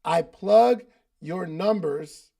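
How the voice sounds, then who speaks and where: A man with a raised pitch and a heavy gravelly fry runs a live coaching call. His talk is loose and chatty. He uses slang and repeats lines to drive a point home. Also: very slow, mellow. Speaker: podcast host and business coach. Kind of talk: casual coaching talk at a live online meeting.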